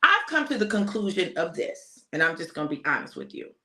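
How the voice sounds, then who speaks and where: A middle-aged woman, a pastor and prophetic speaker, preaches a little quickly in an informal live-streamed sermon. Her tone is conversational and preachy, with plenty of y'all and down-home phrasing, and she gets lively and emphatic, going high in pitch for emphasis.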